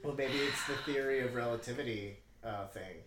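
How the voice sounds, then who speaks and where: Teasing podcast host in an echoey room. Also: male voice, mid-range voice, brisk, over music. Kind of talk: casual movie commentary.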